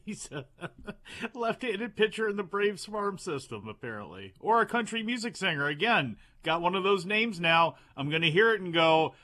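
A man's voice: high-pitched, big pitch swings, normal speed, pushed and bright. A man co-hosting a wrestling podcast, adding wry asides in casual chat. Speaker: wrestling show co-host.

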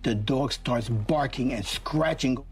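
A man hosting a boxing talk show, telling a story with lively acted quotes. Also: mid-range voice, slow, husky, recorded from a distance. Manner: animated anecdote with acted quotes. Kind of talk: casual storytelling.

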